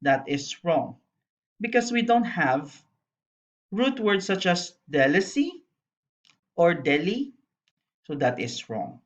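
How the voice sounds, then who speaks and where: Slow, patient woman teaching spelling. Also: low-pitched. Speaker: primary school English teacher. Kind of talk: recorded lesson narration. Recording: dull lo-fi voice-over.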